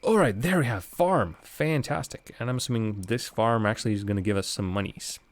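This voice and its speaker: A man's voice: fairly low pitch, brisk. A man giving casual, rambling commentary while streaming a game live, chatting with viewers and laughing often.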